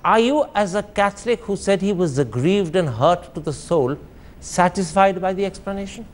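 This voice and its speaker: A man's voice: high-pitched, animated, normal speed. A man hosting a TV debate, pressing guests with pointed questions. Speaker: TV debate host. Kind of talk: combative TV debate.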